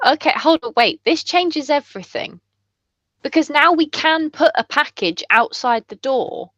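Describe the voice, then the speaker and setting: High-voiced excitable woman player. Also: dry recording, muffled recording. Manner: excitable, quick to jump in. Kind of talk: casual tabletop chat.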